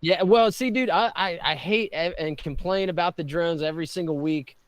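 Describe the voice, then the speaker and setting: A man's voice: a little high, normal speed, no room sound. A man co-hosting a podcast in casual chat, hesitant, restarting sentences and often saying dude and you know. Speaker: podcast co-host.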